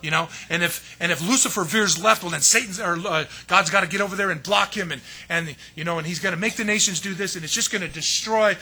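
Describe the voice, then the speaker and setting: Fields: Sex: man. Role: pastor. Style: emphatic sermon, bright voice. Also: high-pitched, fast talker, hardly any pauses, breathy edge. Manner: emphatic, with rhetorical questions and exasperated asides.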